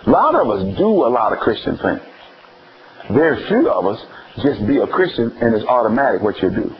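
A man with a Southern US accent preaching a playful, animated sermon with call-and-response. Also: medium pitch, a little fast, dull audio, slight background noise.

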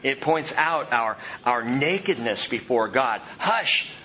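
A man preaching an expository sermon in an animated way, dropping to a hush and rising loud for emphasis. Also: mid-range voice, measured pace, highs cut off, noisy background.

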